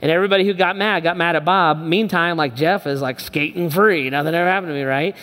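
A man's voice: a little high, fast talker, fairly bright tone. A middle-aged male pastor preaching a sermon, emphatic and repetitive, speaking straight to his listeners. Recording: long hall reverb.

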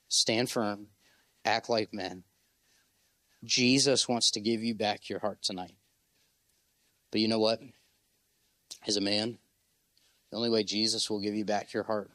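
A man's voice: fairly low pitch, steady tone, moderate pace, long pauses, fairly bright tone, no echo. A young man preaching a sermon, impassioned and exhorting, leading his listeners in call-and-response. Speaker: pastor.

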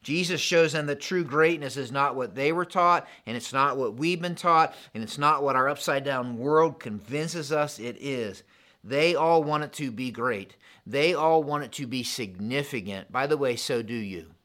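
A pastor preaching a sermon, in an animated, conversational style built on contrasts. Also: male voice, mid-range voice, moderate pace.

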